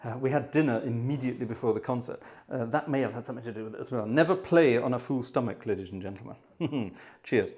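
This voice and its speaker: A man's voice: mid-range voice, quick pace. Breathless man chatting from a piano. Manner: chatty, self-deprecating, addresses the audience as ladies and gentlemen. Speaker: pianist hosting a live stream. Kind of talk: live-stream chat between pieces. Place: piano room at home.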